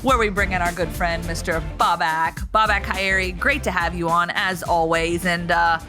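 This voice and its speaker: A woman co-hosting a sports podcast, telling stories in a chatty, animated way. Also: on the low side, normal speed, over music. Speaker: co-host. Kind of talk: casual sports podcast chat.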